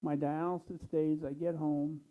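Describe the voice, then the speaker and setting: Man, tired, plainspoken, pausing often; thin phone-like sound. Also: on the high side, level tone. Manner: unhurried, plainspoken, with many pauses and ums. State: tired, low energy. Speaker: church speaker. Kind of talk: casual talk to a congregation.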